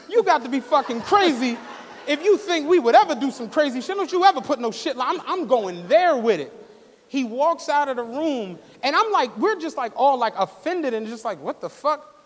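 A man co-hosting a live podcast, telling a profane, animated story and acting out the quotes. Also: very high voice. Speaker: podcast co-host. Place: live stage show in a studio venue. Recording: long hall reverb from a live venue.

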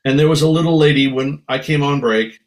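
A man's voice: mid-range voice, brisk. A middle-aged American man telling casual stories as a guest on a talk show, slipping into playful voices for the people he quotes. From United States. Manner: animated storyteller slipping into Irish brogue for quotes. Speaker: guest musician. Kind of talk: casual storytelling chat.

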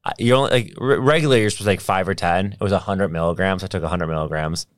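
A man, a guest author, in casual podcast chat, retelling stories in an exasperated, animated way with quick restarts. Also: sits low, dry recording, studio quality.

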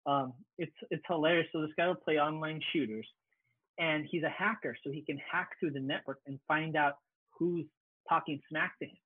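A man co-hosting a casual gaming chat, telling stories with animated energy. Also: on the high side, slightly rough, no room sound, narrow, tinny audio. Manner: fast, animated storyteller. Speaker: podcast co-host.

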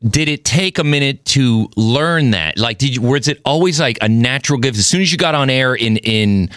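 A man's voice: mid-range voice, expressive, moderate pace, fairly bright tone, dry recording. A man hosting a casual podcast interview, rambling and restarting his questions into a close studio mic. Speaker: podcast host.

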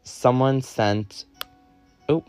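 A man's voice: medium pitch, drawn-out words, a little mellow, smooth, dry recording, soft background music. A young man hosting a confessional podcast, talking in a candid, profane, campy way. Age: young adult. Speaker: podcast host.

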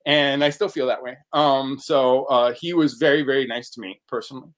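A man in a casual interview, talking about his work as an actor. He rambles and restarts often and fills pauses with "um" and "uh". His voice sits in an ordinary middle range. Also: mid-range voice, fairly even intonation. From United States. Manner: chatty, rambling, frequent fillers. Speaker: actor guest.

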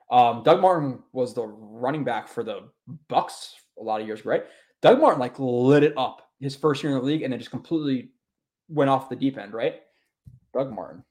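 A young man hosts a relaxed sports show in a mid-pitched voice. He talks loosely and swears freely, circling back and restarting his sentences as he reacts to chat. His voice sits right in the middle of the male range. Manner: loose, profane, rambling with restarts. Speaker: podcast host. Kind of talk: casual sports podcast chat, reading chat comments.

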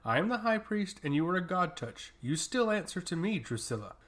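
A man voicing a proud male high priest who speaks in a commanding, indignant way. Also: very animated, fairly quick, a bit bright.

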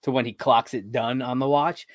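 A man's voice: medium pitch, fairly even intonation, normal speed, dry recording, studio quality. A man co-hosting a podcast, chatting casually about a sitcom episode, rambling, laughing often and swearing now and then. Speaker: podcast co-host.

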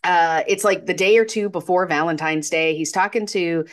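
A woman's voice: lowish voice, normal speed. A woman co-hosting a podcast, chatting through a film's plot with hesitant restarts. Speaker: podcast co-host. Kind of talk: casual movie recap chat.

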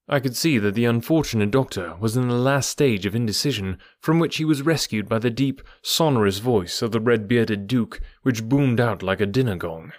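A man's voice: medium pitch, moderate pace, hardly any pauses, dry recording. Man narrating an audiobook, dry and close. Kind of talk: scripted narration.

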